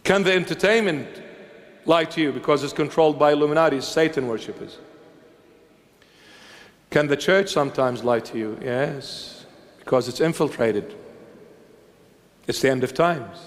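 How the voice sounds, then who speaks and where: A bishop delivers a fiery sermon with a notably high-pitched voice. He hammers points home with mocking rhetorical questions. His voice rings out with a long reverb from a large church hall. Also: normal speed, long pauses. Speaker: bishop preaching.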